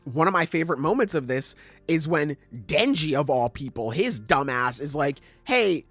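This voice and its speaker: A man hosting a podcast, ranting in a casual, profane and animated way. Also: fairly high pitch, moderate pace, no echo, faint music behind. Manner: animated, profane, critical ranting with acted quotes. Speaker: podcast host.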